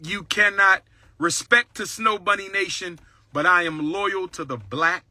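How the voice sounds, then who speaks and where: A man's voice: high voice, lively intonation, moderate pace, sharp tone, no echo. A man hosting a livestream, talking boldly and boastfully in a preaching cadence and repeating his lines for emphasis. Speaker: livestream host. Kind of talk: livestream talk.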